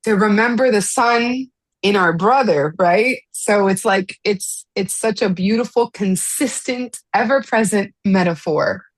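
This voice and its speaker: A woman from Miami hosting a casual spiritual study meetup over a video call, talking in a gentle, reflective way with soft laughs. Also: medium pitch, measured pace, no echo. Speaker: host of an online study meetup. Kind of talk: casual spiritual group chat.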